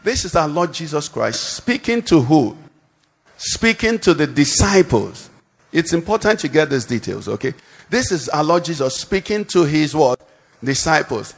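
A man preaching a sermon, often pausing with questions for the congregation to answer. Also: a little high, big pitch swings. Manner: call-and-response questions to the congregation. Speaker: pastor.

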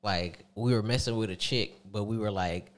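A man's voice: lowish voice, normal speed. A man chatting casually, telling stories about a friend and acting out what people said. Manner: storytelling, acts out friends' quotes. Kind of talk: casual chat.

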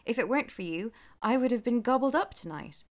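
A woman's voice: fairly high pitch, lively intonation, fairly quick, voice pushed up, lightly acted. A woman reading aloud, voicing a timid, polite young girl in a storybook. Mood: pleading.

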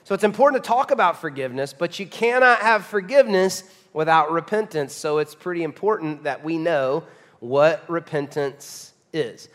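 A man in his thirties, a pastor preaching a sermon, telling stories in a lively way and laughing along. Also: fairly high pitch, normal speed. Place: church sanctuary. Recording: long church reverb.

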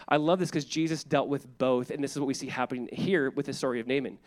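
A man preaching a sermon as pastor, casual and animated, acting out people in the story with quick voices. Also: on the high side.

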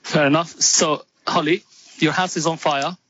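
A man's voice: on the high side, steady tone, normal speed, sharp tone, a little hiss or hum. A man co-hosting a casual podcast, asking questions in a teasing, playful way. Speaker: podcast co-host. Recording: dull lo-fi sound.

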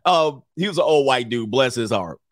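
A man's voice: mid-range voice, expressive, normal speed, no room sound, clean studio sound. A middle-aged man hosting a livestream, telling stories casually, laughing often and acting out other people's voices. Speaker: livestream host.

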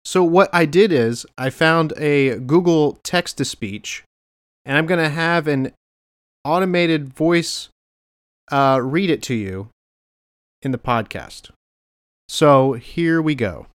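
Smooth-voiced male podcast host. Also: a little high, slow pace, pauses often, no echo, clean studio sound. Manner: earnest, reading from notes with small slips. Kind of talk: scripted farewell thank-yous.

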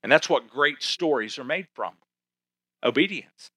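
A man preaching a sermon as pastor, slowing down to stress key words. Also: mid-range voice, lively intonation, pushed and bright, no echo. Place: church sanctuary.

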